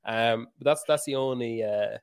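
A man's voice: mid-range voice, normal speed, gravelly, clean tone. A man in his thirties chatting casually about parenting, rambling and self-mocking, swearing freely. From Ireland. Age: 30s. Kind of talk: casual chat.

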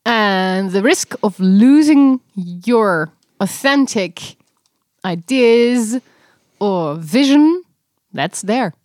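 A woman's voice: mid-range voice, lively intonation, drawn-out words, darkish tone, no echo, studio quality. A woman co-hosting a podcast, chatting casually and laughing often. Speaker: podcast co-host. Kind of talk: casual chat.

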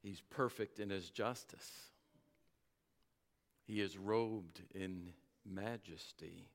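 A male pastor preaching a sermon, earnest and exhorting, dropping to a hush on weighty words. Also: low-pitched, fairly even intonation, slow pace, vocal fry.

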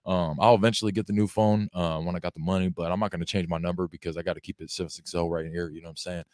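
Fast-talking, ranting man from San Diego. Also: low voice, dry recording, studio quality. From North County, San Diego, California. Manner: profane, animated ranting storyteller. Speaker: guest rapper. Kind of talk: casual podcast chat.

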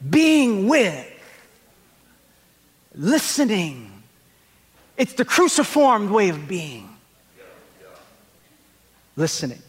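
High-voiced pastor preaching in a big hall. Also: male voice, slightly rough. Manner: animated and self-deprecating, acts out scenes. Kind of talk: conference sermon with humorous storytelling. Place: large conference hall. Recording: long reverb of a large hall.

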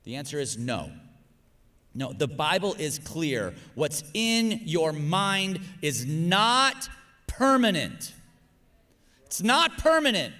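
High, bright-voiced man preaching emphatically. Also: sing-song, slow. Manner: emphatic preaching, swings from loud exhortation to hushed tones; calls on the congregation to answer. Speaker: pastor. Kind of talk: sermon.

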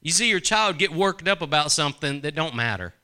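A man's voice: a little high, lively intonation, brisk, sharp tone, smooth. A man preaching a sermon in a conversational way, asking the congregation questions and acting out quoted voices.

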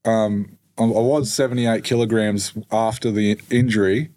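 A man's voice: fairly low pitch, steady tone, moderate pace, a little mellow. A man telling his story as a podcast guest, rambling and swearing freely, with lots of fillers. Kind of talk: casual storytelling.

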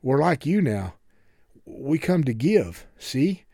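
A man's voice: on the high side, sing-song, takes it slowly, vocal fry, mellow, dry recording, clean studio sound, voice pushed up, heavily acted. A man voicing an earnest, urgent young man who has given up crime. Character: young reformed tough guy, earnest.

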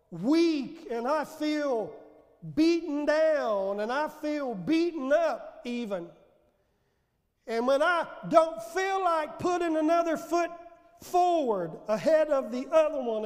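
Male preacher, very high voice, slow and fervent, shouts and call-and-response, big reverberant church. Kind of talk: sermon. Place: church sanctuary.

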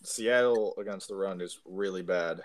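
A man with a very low voice in a casual podcast chat. He cuts in with quick takes and throws in sarcastic jokes. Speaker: fantasy league podcast co-host.

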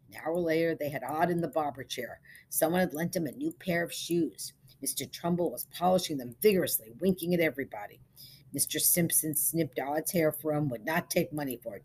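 A woman narrating a short story in a measured, steady storytelling manner. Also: low voice, breathy edge.

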